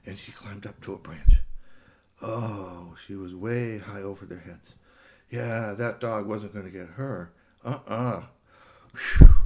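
A man's voice: on the low side, a little hiss or hum. A man improvising a children's story about a cat, rambling along with fillers and little gasps.

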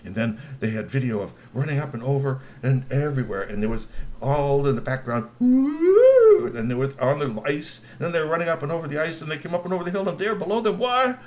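A man's voice: medium pitch, fast talker. A man telling a long story with exclamations, laughing asides and repeated words. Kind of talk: animated oral storytelling.

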